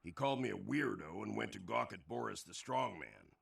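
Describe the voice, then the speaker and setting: An actor voicing an eccentric old male snake charmer with a gravelly, husky voice and a dreamy, odd manner. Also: lowish voice, expressive, a little fast, a bit bright, recorded from a distance, heavily acted.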